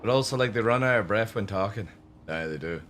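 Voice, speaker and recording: A male game streamer talking in a lively, swinging pitch, cracking jokes and swearing as he plays. Steady game ambience hums clearly behind his voice. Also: a little fast, a little hiss or hum. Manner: joking, swearing, chatty. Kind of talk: casual live-stream chat.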